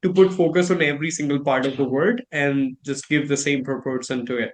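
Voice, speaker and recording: Man, Indian English accent, slightly high voice, relaxed, thoughtful, casual chat about pronunciation. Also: fairly quick. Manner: relaxed, thoughtful, repeats words to demonstrate pronunciation.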